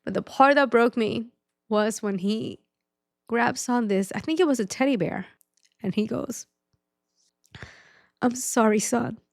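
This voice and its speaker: A woman's voice: a little high, normal speed, creaky, no room sound, clean studio sound. A woman hosting a podcast, speaking frankly and emotionally in a personal monologue, swearing often. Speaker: podcast host.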